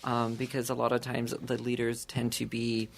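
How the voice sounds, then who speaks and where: This is a man talking as a guest on a casual podcast, drifting through a story with plenty of restarts. He laughs a lot between his phrases, keeping the mood light and easygoing. His voice sits at an ordinary middle pitch. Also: monotone, normal speed, gravelly. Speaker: podcast guest, young adult ministry leader.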